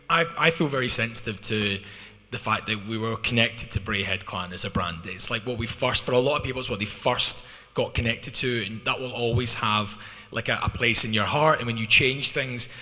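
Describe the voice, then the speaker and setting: Bright-voiced Scottish man in an arena. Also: mid-range voice. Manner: animated, talks fast with restarts. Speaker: club management speaking at a fan Q&A. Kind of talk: candid spoken answers to fans. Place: arena hall. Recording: long arena reverb.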